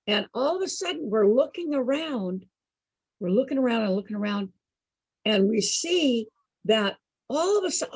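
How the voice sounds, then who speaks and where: Woman, animated storyteller, swooping pitch, slightly husky, dry close sound. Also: no echo, rough recording. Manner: lively, laughs often, asks the listeners questions. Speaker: entertainer for program participants.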